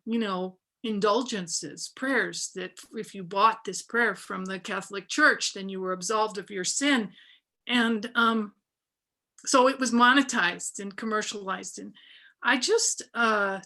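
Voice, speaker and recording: A woman's voice: a little high, sharp tone. A woman, a book artist, talking reflectively in a panel over a video call, with many fillers and restarts. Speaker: book artist giving a talk.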